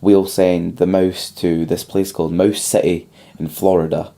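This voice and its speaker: A man's voice: sits low, level tone, measured pace, vocal fry, warm tone. A young man co-hosting a casual podcast, retelling a film plot at length with lots of ums. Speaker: podcast co-host.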